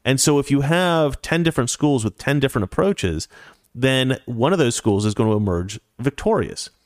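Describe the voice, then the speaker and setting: A man's voice: medium pitch, expressive, moderate pace, no echo. Opinionated man hosting a dry-miked talk show. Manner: opinionated, talks straight to viewers. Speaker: show host. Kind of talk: casual political commentary with viewer chat.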